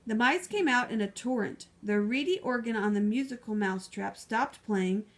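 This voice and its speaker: A woman narrating a children's book in a lively, expressive storytelling manner. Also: a little high. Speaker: audiobook reader.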